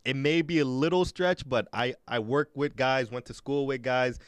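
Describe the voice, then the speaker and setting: A young Canadian man hosts a casual podcast in a mid-pitched voice. He talks in halting starts, repeating words as he builds a story, and the recording is dry and close. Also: clean tone, dry recording. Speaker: podcast host.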